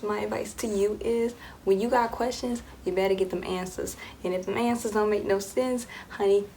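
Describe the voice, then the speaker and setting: A woman's voice: medium pitch, a little hiss or hum. A young woman vlogger telling a personal dating story in a casual, chatty way, acting out what people said. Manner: chatty, animated, acts out quoted voices.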